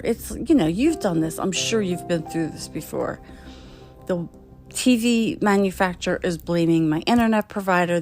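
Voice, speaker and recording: Middle-aged woman, podcast host telling an animated, exasperated story, mid-range voice. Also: medium pitch. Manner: animated, exasperated, acts out the dialogue. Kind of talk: casual storytelling.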